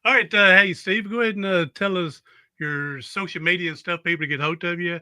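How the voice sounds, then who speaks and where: A man's voice: sits high, a little fast, sharp tone, dry recording, studio quality. A man with a Southern US accent hosting a podcast in casual interview chat, drawling and chatty. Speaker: podcast host.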